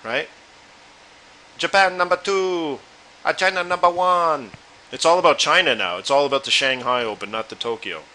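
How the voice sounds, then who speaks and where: A man's voice: fairly high pitch, lively intonation, moderate pace, sharp tone, poor audio. A man hosting a live trading webinar, chatting loosely and talking straight to his viewers. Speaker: forex trading room host.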